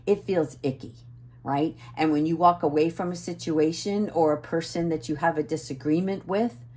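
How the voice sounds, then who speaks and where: Woman doing a chill spiritual oracle card talk, kinda low voice, earnest, keeps saying right?. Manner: earnest, gentle, often asks "right?"; assertive. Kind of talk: casual spiritual talk to viewers.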